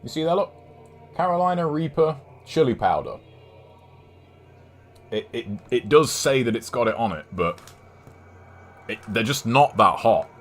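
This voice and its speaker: A man's voice: medium pitch, a bit bright. A young English man streaming a game, rambling and chatting casually, swearing now and then. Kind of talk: casual chat while gaming.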